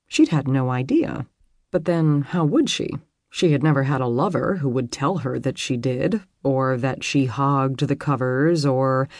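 An audiobook narrator reading a romance novel in an expressive, lively storytelling manner. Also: mid-range voice, a little slow, dry recording, studio quality.

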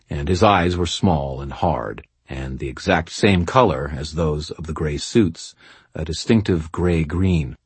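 Male audiobook narrator, very low, husky, wry first-person read, dry studio sound. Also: no echo.

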